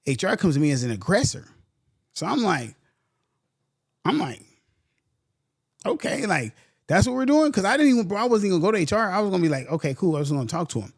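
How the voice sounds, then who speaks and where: Young man, podcast host, fired-up storyteller, slightly high voice, dry close mic. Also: quick pace, long pauses, no echo. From San Antonio, Texas. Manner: animated, heated, slangy, says "bro" a lot. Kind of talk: casual storytelling.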